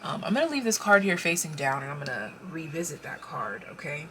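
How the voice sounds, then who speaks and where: Woman doing a pick-a-card tarot reading, low voice but bright and sharp, excitable, keeps cutting herself off. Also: brisk, a little hiss or hum. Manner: excitable, exclaims and interrupts herself while pulling cards; speaks straight to the viewer in the second person.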